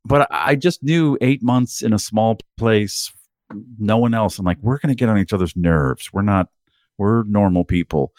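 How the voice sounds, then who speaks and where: A man's voice: fairly low pitch, normal speed, darkish tone, no echo, studio quality. A middle-aged man co-hosting a podcast, telling candid stories in casual chat and swearing freely. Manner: candid, profane storytelling. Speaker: podcast co-host.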